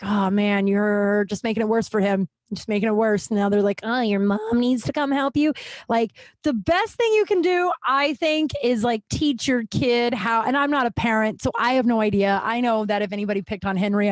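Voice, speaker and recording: A woman in her thirties, mid-range voice and dry recording, hosts a podcast. In a casual storytelling monologue she animatedly retells childhood stories, rambling and chatty, with lots of "like" fillers.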